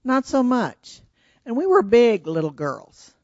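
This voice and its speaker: Animated woman telling a children's story. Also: on the high side, slow pace, dry recording, muffled recording. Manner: animated, asks children questions. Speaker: children's story leader at church.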